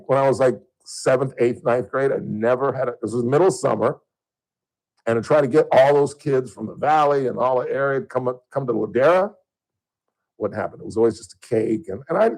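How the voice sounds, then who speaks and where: A middle-aged man from Southern California runs a radio show, telling stories in casual banter and going loud and high-pitched once worked up. He keeps a brisk pace on a low-quality recording.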